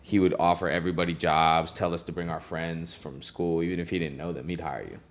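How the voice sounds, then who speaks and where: A young man who works as a recording engineer, telling stories in a casual interview, relaxed and laughing often, with lots of "like" and "you know". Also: sits low, fairly quick.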